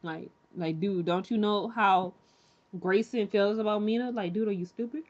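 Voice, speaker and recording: A chatty woman talking through a TV episode in a loose, candid way, circling back with lots of "you know" and restarts. Her voice sits at a middling pitch. The recording sounds dull and lo-fi, like a simple home setup. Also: steady tone, moderate pace, a little mellow. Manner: rambling, many fillers and restarts; chatty and candid, acts out characters' lines. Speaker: TV show recap reviewer. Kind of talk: casual recap chat.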